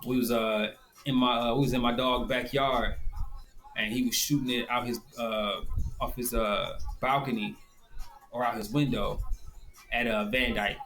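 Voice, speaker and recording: A man's voice: medium pitch, steady tone, unhurried, fairly bright tone. Rambling, profane Detroit man in echoey room. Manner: profane, rambling, slangy storytelling. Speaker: video host. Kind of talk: casual rambling demonstration. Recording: echoey room, faint background noise.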